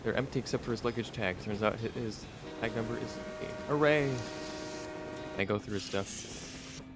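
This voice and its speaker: A man's voice: on the low side, fairly even intonation, brisk, music in the background. A man streaming a game, reading its text aloud with wry, rambling asides. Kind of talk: let's play commentary reading game text.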